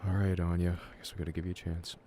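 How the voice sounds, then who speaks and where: A man's voice: low-pitched, completely flat delivery, rapid-fire, mellow, slight background noise. A young man casually chatting to his stream audience as he plays through a story game and reads its dialogue aloud.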